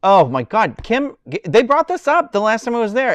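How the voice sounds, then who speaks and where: A man's voice: a little high, sing-song, moderate pace, dry recording. Man, young adult, chatty live stream host, rambling, lots of fillers, dry close sound. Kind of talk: casual chat reading viewer comments.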